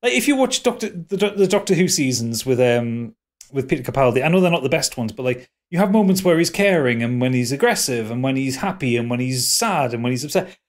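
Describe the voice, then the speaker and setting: A man's voice: medium pitch, lively intonation, quick pace. A man with a Geordie accent hosting a podcast in casual chat, rambling with fillers and restarts. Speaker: podcast host.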